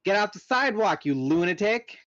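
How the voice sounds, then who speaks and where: A man's voice: a little high, very animated, a little slow, pitched above the performer's own voice. A man voicing a cocky teenage boy who insists he can drive, flippant and defensive, on a dull, lo-fi recording.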